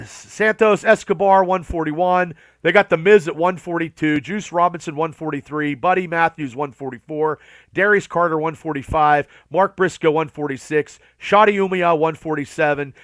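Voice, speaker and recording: A man's voice: high voice, fairly bright tone, no echo. A male podcast host reading through a wrestling ranking list, stopping now and then for blunt, profane asides.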